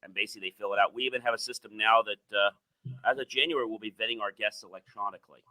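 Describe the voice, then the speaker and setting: Bright-voiced man telling lively stories. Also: lowish voice, rapid-fire, rough recording. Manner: animated storyteller, acts out quoted voices. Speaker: podcast host. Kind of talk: casual podcast chat.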